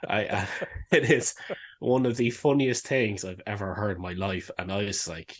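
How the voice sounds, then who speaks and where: A man's voice: lowish voice, steady tone, moderate pace. A man co-hosting a podcast in a loose, rambling way, swearing freely and laughing often. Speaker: podcast co-host. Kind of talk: casual chat.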